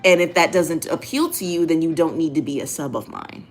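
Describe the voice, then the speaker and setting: A woman's voice: deep voice, brisk, slight background noise. A woman hosting a casual monologue in a blunt, profane, emphatic way, often repeating phrases for effect. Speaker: host.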